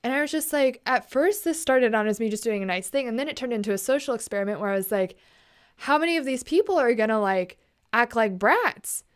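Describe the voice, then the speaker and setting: A young woman talks through a late-night vlog in a chatty, indignant, slang-filled way. Her voice sits a little high and sounds smooth and clear. She keeps her volume down as she talks. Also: lively intonation, fairly quick. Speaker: vlogger. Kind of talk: casual late-night chat.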